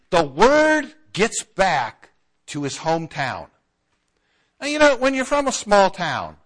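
A man's voice: sits high, fairly bright tone. A man preaching a conversational sermon and now and then acting out the voices of townspeople.

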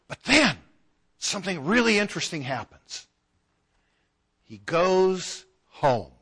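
A man's voice: sits high, very animated, slow pace, long pauses, pushed and bright, slightly rough. A man preaching a conversational sermon and now and then acting out the voices of townspeople.

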